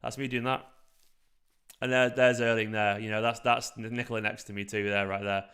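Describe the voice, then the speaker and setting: A man's voice: lowish voice, moderate pace, smooth. A young man with a light Manchester accent, rambling and swearing freely while hosting a casual football fan live stream. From South Manchester, England. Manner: rambling, animated, swears freely, frequent fillers. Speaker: football fan channel host.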